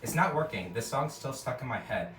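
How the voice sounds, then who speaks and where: A man voicing a scrappy small male raccoon slacker from a cartoon, whiny and shouting, in an echoey room away from the mic. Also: medium pitch, lively intonation, a little fast, distant mic, a little hiss or hum, lightly acted. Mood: frustrated. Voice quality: whiny and yelling.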